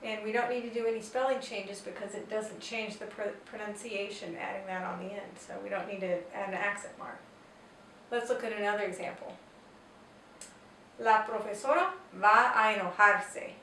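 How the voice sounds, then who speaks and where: A woman's voice: medium pitch, steady tone, a little fast. Woman teacher explaining spanish grammar patiently, roomy echo, mic kinda far off. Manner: patient, explains step by step with examples. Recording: roomy echo, distant mic, faint noise.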